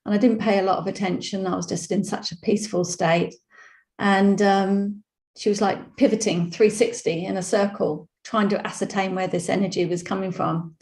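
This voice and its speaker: Calm reflective woman on a roomy call. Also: mid-range voice, moderate pace. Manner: calm, reflective storytelling with many fillers. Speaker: program participant sharing a story. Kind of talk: casual personal sharing on a video call. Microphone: video call microphone. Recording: roomy echoey video call audio.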